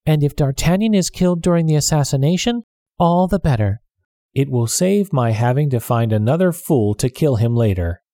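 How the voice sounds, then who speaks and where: A man's voice: on the high side, animated, normal speed, dark tone, no room sound, studio quality, voice pushed up, close to an everyday voice. A man voicing a cruel scheming noblewoman, sneering and contemptuous. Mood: gloating. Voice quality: sneering, scornful.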